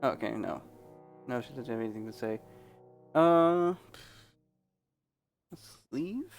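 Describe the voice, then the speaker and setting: A man talks through a role-playing game in a casual, hesitant way, at an ordinary middle pitch. He leans on little "uh"s between thoughts. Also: lively intonation, takes it slowly, creaky, soft background music. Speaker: gaming host. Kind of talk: let's play commentary.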